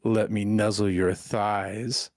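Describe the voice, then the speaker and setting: A man doing a slow, meowing cat-man. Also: lowish voice, level tone, a little mellow, no echo. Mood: flirty. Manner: drawn-out, meowing, teasing. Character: flirty cutesy cat-man greeting his master. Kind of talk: livestream bit. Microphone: headset.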